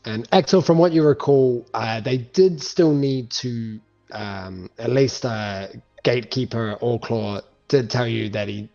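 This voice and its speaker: A man's voice: mid-range voice, unhurried, gravelly, dark tone. A man narrating a tabletop game as game master, loose and full of fillers, on a muffled lo-fi recording with faint music.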